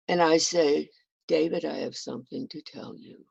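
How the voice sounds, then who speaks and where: A woman's voice: sits low, moderate pace, vocal fry, a little mellow, slightly rough, dry recording. A woman telling a historical story in the first person, with dramatic, emotional delivery. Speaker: historical portrayer. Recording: dull lo-fi recording.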